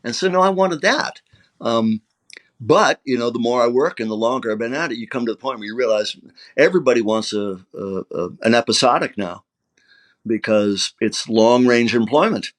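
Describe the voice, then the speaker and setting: A man's voice: medium pitch, animated, normal speed. An older male actor being interviewed, telling emotional anecdotes and acting out quoted lines. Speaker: actor guest. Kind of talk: conversational interview storytelling.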